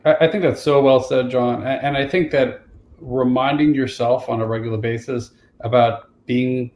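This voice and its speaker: An easygoing man talks on a video-call panel, pausing on small fillers. His voice carries a noticeable room echo. Faint noise sits under it. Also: medium pitch, fairly even intonation, a little mellow. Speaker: panelist therapist. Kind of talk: casual panel discussion.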